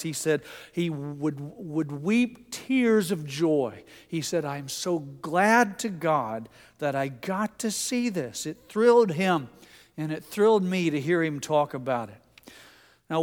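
A middle-aged man preaching a sermon as pastor, telling stories and quoting others in a softer voice. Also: on the high side. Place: church sanctuary. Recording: long hall reverb from the church.

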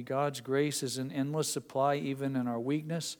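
A man's voice: medium pitch, steady tone, normal speed, few pauses, smooth. A middle-aged man preaching a sermon, telling stories and reading scripture in an earnest way. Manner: storytelling, earnest, with Bible readings. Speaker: pastor. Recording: long reverb of a hall.

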